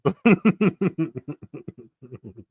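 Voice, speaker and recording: His voice a little high and slightly rough, an American tennis podcast host streams from a small room at home, laughing often and exclaiming at the pictures on screen. The recording is dry and studio-clean, and his animated reactions unfold slowly.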